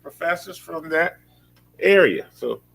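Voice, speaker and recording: Gravelly man giving a formal introduction. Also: fairly high pitch, expressive, unhurried, a bit bright. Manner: reads a prepared tribute, with filler-laden asides. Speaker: university official presenting a student. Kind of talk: formal introduction speech at a board meeting.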